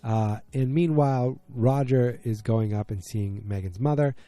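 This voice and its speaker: A man's voice: medium pitch, a little slow, warm tone, no echo. A man hosting a podcast, recapping a TV episode in a casual, rambling way with plenty of ums. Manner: chatty, many ums, quotes characters loosely. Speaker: podcast host.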